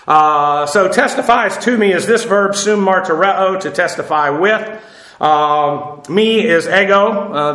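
Bright-voiced man teaching Bible in an echoey room. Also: high-pitched. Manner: spells out Greek words letter by letter, many fillers.

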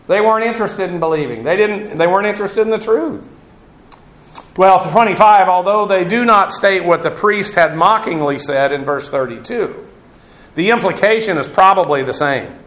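A man's voice: sits high, normal speed, fairly bright tone, roomy sound. A man teaching through a Bible passage verse by verse, in a conversational, digressive way with asides on Greek grammar.

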